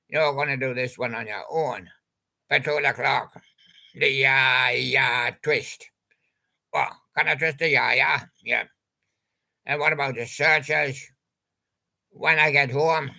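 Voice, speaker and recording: Older man, gravelly voice, bright, forward tone, unhurried, rambling, punning host. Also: medium pitch. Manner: chatty, meandering, jokey wordplay. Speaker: channel host. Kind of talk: rambling casual monologue about old pop songs.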